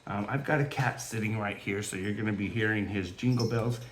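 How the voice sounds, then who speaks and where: A Californian beading-channel host chats at home by a fountain and wind chimes, rambling warmly through a casual vlog intro full of fillers. His lowish voice quivers with emotion and moves fairly quickly, with slight background noise.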